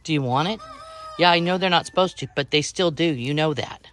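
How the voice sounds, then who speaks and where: A woman's voice: deep voice, a little fast, a little hiss or hum. A woman vlogging from her small farm, chatting casually to viewers while scolding and coaxing her chickens as she does chores outdoors. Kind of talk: casual vlog narration while doing chores. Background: clucking chickens and birds.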